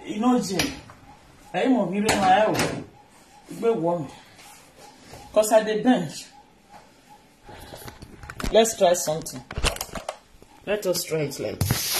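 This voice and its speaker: A woman's voice: fairly low pitch, animated, takes it slowly, pauses often, noisy background. A woman with a Nigerian Pidgin accent chatting casually on a livestream while she washes dishes, playful and full of laughs and mock cries. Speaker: vlogger. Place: kitchen. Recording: echoey kitchen with clattering dishes. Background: clinking dishes, pots and pans.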